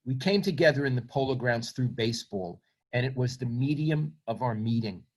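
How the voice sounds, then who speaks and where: A man's voice: mid-range voice, expressive, moderate pace, a little mellow. A man, reading from his book and then talking about himself in a reflective, self-deprecating way. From Brooklyn, New York. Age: 70s. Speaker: author.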